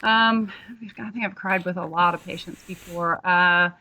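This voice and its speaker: Woman, lower pitch, bright edge, ER nurse guest, earnest, reflective. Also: fairly even intonation, normal speed, low-quality recording. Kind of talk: conversational interview.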